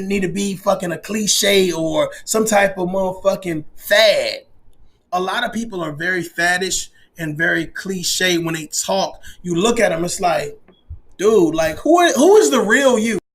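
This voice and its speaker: Brief: forties male podcast host, fired-up profane monologue, higher register. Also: moderate pace. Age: 40s. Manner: emphatic, profane, animated rant. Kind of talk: casual monologue.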